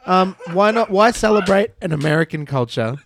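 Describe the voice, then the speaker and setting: An Australian man making a mock-formal, deadpan case in a comedy podcast debate. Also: high voice, moderate pace, background noise.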